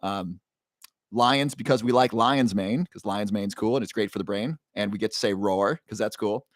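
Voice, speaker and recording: A man hosting a casual livestream, greeting viewers from the chat by name and pitching a supplement with upbeat energy. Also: normal speed, no room sound, studio quality. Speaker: livestream host.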